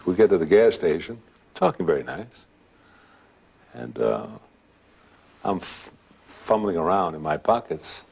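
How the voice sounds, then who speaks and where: A man in his sixties telling a spooky anecdote in a halting, conversational way. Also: deep voice, big pitch swings, vocal fry, darkish tone, a little hiss or hum. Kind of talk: storytelling anecdote.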